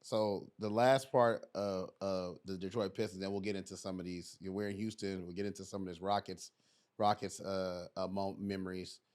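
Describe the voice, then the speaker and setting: A man hosting a podcast interview, recapping the guest's path before asking a measured question. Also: low-pitched, flat delivery, a little mellow, smooth. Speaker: podcast host.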